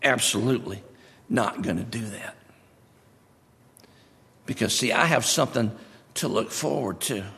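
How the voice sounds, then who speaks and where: A man's voice: mid-range voice, unhurried, pauses often, bright, forceful tone. A male preacher giving a sermon, emphatic, repeating his key phrases. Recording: long hall reverb.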